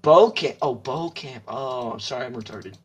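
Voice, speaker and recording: A teenage boy in casual chat with friends, reacting loudly and laughing easily. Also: medium pitch, moderate pace. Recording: noisy home recording.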